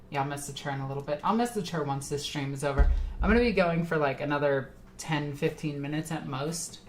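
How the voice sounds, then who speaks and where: A woman's voice: low voice, brisk, a little hiss or hum. A tipsy woman streamer chatting casually with her live chat, rambling and laughing often.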